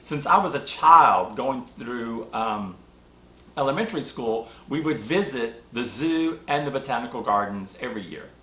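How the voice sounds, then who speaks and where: A man hosting a spiritual talk show, telling a personal story with emotional, animated delivery. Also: mid-range voice, moderate pace, a little hiss or hum. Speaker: podcast host. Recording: echoey room.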